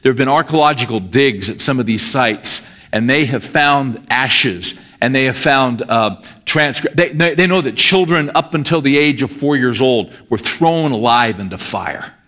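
Preaching a sermon in a conversational style, a middle-aged male pastor often asks his listeners questions, his medium-pitched voice carrying a sharp tone.

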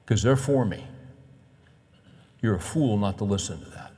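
A man's voice: on the low side, normal speed. Man preaching in a reverberant hall. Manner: animated preaching, acts out quoted voices. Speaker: pastor. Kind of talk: sermon. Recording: long reverb of a large hall.

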